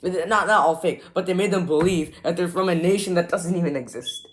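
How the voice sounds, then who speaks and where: A man's voice: high voice, brisk. A young man hosting a reaction video, mocking and exasperated, full of "like" fillers. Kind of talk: sarcastic reaction commentary.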